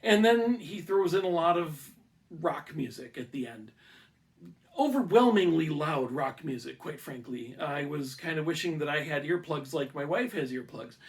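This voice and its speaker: Middle-aged guy rambling thru a movie review, kinda high voice, dry close sound, lots of uhs. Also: animated, normal speed, breathy edge, dry recording. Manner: meandering, chatty, with frequent fillers and restarts. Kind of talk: casual opinion monologue. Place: home studio.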